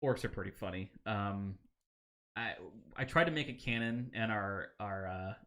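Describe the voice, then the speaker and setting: A man's voice: lowish voice, moderate pace, a bit bright. A man co-hosting a podcast in casual, rambling chat, laughing often between thoughts. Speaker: podcast co-host.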